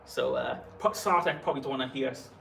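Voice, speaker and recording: A man's voice: mid-range voice, fast talker, vocal fry, fairly bright tone, far from the mic. A man co-hosting a casual livestream, hesitant and prone to repeating words. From Wales. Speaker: co-host. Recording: echoey room with background noise.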